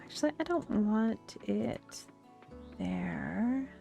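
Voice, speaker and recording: A woman's voice: mid-range voice, lively intonation, drawn-out words, vocal fry, mellow. A woman from the United States with a Western twang, chatting and rambling through stories while she streams a game. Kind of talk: casual chat while playing a game. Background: faint game music.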